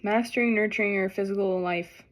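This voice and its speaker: A woman doing an emotional tarot reading for the camera, talking in halting, apologetic bursts and tearing up. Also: medium pitch, fairly even intonation. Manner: tearful, overwhelmed, halting and apologetic. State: crying at times. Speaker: tarot reader.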